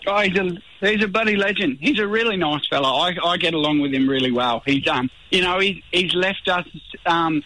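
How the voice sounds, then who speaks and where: An Australian man, a reality show contestant, chatting in a relaxed radio interview and saying "mate" often. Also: high voice, a little fast, hardly any pauses, slight background noise, rough recording. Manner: laid-back, says mate a lot.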